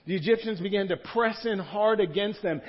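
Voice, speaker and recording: A man's voice: high-pitched, moderate pace. A man, a pastor, preaching a sermon in a church room in a conversational style, repeating key words for emphasis. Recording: dull lo-fi sound.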